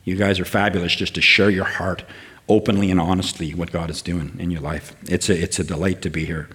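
An older man preaches as a guest, speaking warmly but haltingly, with fillers and restarts that build up into rousing lists. His voice is low-pitched and his delivery flat.

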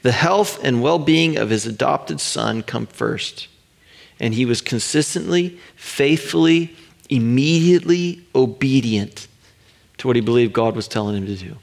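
A middle-aged man pastor preaching a sermon, earnest and emphatic, stretching out pauses to land his points. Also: mid-range voice, lively intonation, creaky.

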